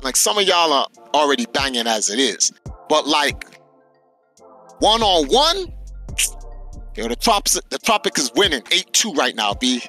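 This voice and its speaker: Animated, bright-voiced male podcast host. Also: medium pitch, normal speed, soft background music. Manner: animated storytelling, swearing and slang. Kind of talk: casual podcast chat.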